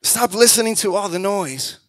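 A man preaches in a high, lively voice, shifting into quoted voices and then building to loud exhortations. The sound is close and dry, with almost no room around him. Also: moderate pace, dry recording. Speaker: pastor. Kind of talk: sermon.

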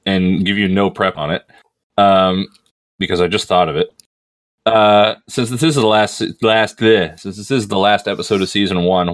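A man's voice: on the low side, a bit bright, no room sound. A man hosting a casual commentary podcast, a rambling storyteller full of fillers who laughs often. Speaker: podcast host.

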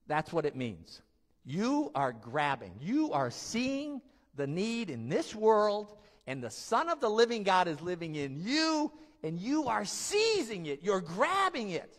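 A male pastor preaching in a church, telling his story with emphasis and the odd laugh. His voice is high and swings widely in pitch. He speaks slowly, and a long echo fills the hall. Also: very animated, a bit bright. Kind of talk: sermon.

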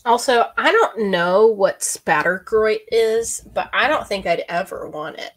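A woman co-hosts a relaxed podcast chat, speaking at a mid pitch. She thinks aloud as she goes and often trails off mid-sentence. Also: a little slow. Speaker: podcast co-host. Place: remote call.

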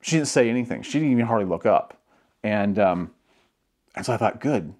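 A man's voice: fairly low pitch, expressive, brisk, darkish tone. A man chatting to his viewers as a vlogger, telling a story in a rambling way with restarts and small laughs. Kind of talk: casual storytelling to camera.

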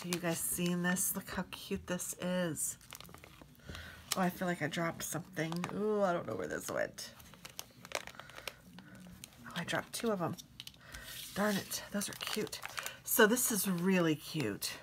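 Soft-spoken woman gushing over craft mail. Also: on the low side, expressive, a little slow, long pauses, background noise. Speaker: crafting vlogger. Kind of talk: casual show-and-tell unboxing.

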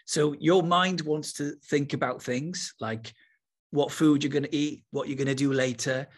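Husky guy teaching, all excited, then going slow and soft for a meditation. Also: a little high. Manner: enthusiastic, then slow and soft when guiding. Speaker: spiritual teacher.

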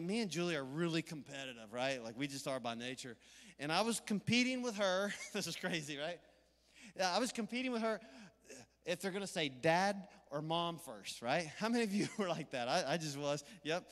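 Energetic Southern pastor in reverberant church. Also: male voice, high voice. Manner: energetic, conversational, playful asides. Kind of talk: sermon. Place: church sanctuary. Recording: live church hall reverb.

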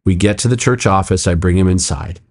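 Speaking quickly on a podcast, this middle-aged pastor recounts a story with emphatic delivery. He peppers it with "like" and "I'm like," and his pitch leaps suddenly whenever he voices what someone said.

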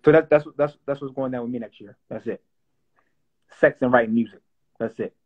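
A man's voice: mid-range voice, brisk. Loose, rambling man on a dull line. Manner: loose and playful, lots of fillers and repeats. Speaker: songwriter and producer. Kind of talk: casual interview chat.

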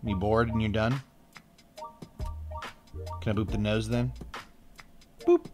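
A man's voice: takes it slowly, pauses often, music in the background. A man hosting a dog vlog, talking playfully and coaxing his huskies through tricks. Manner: playful, coaxing, breaking into high excited yelps. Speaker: dog owner and channel host. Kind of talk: casual vlog talk to his dogs.

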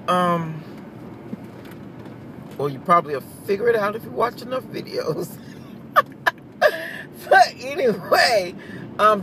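A woman, chatting casually and rambling to her viewers from her car, often laughing. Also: on the low side. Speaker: vlogger. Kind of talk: casual chat. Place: in a car in traffic. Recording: road noise from inside a car.

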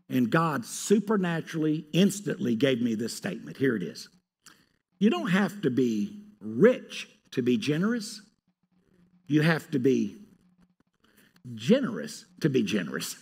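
A man preaching a sermon as pastor, with an animated delivery that swings from hushed asides to loud pleading. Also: on the high side, moderate pace, creaky, slightly rough. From North Carolina.

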